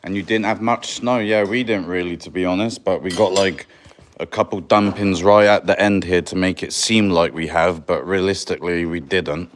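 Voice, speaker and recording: A man's voice: deep voice, steady tone, normal speed, a little hiss or hum. A man with a Birmingham accent chatting casually on a livestream from his off-grid homestead kitchen. He is laid-back, answers viewer comments and calls everyone mate. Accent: Birmingham English.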